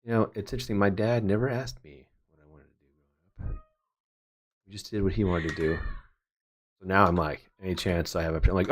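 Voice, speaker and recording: Low-voiced and fairly even in intonation, this thirty-something man speaks a little fast but leaves long pauses. A photographer doing a livestream, he chats and rambles casually with joking asides as he works at his computer.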